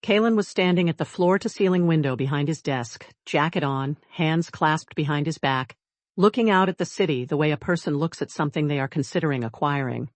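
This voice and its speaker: Measured, wry audiobook narrator, dry sound. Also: mid-range voice, no echo.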